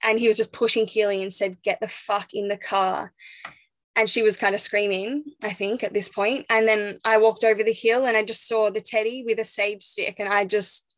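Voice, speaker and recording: A young pregnant woman telling a personal story as an interview guest, reflective and halting, with restarts and soft laughs. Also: medium pitch, level tone, no room sound.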